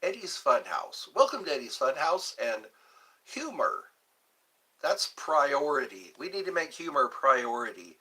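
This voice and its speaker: A man hosting a casual livestream, reading viewer comments aloud and answering them in a slow, drawn-out, jokey way, often repeating his phrases. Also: medium pitch, big pitch swings, sharp tone, slightly rough. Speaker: livestream host.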